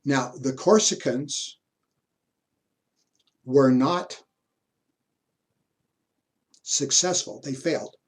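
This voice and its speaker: Delivering a history lecture at a university, a medium-pitched male speaker takes his time, breaking off mid-sentence and slipping in side remarks.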